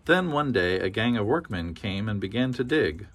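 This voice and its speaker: A man reading a children's picture book aloud in a gentle, rhythmic storytelling manner. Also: fairly low pitch, animated, moderate pace, slight background noise. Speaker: storybook reader.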